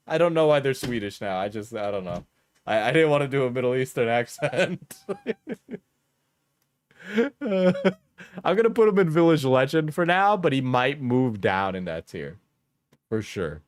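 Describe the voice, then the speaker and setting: A man's voice: mid-range voice, sing-song, moderate pace, pauses often, dry recording. Rambling, mocking male commentary host. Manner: rambling, full of "like" and "right?"; mocking, crude jokes. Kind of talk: casual commentary.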